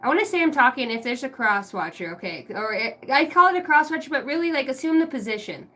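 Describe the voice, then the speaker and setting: A woman's voice: high voice, expressive, fast talker, sharp tone. A woman doing a casual tarot reading, swearing freely and breaking into laughter often. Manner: giggly, crude, keeps breaking into laughter. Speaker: tarot reader.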